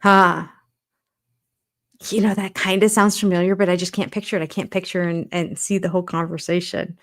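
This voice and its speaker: Older woman, slightly low voice, hosting a chatty livestream and reacting to comments as she goes. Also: level tone, moderate pace. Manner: chatty, reacts aloud while reading comments and names. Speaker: channel host. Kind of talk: casual livestream chat.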